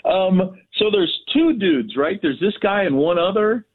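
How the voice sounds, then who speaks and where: A man's voice: sits high, animated, measured pace, slightly rough. Laid-back man on a tinny phone line. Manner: casual, rambling, laid-back.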